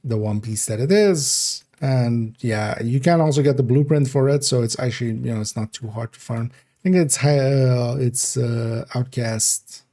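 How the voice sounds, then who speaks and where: A man's voice: medium pitch, measured pace, dark tone. A man streaming a game, chatting casually in a rambling, mumbling way full of fillers. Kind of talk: casual livestream game talk.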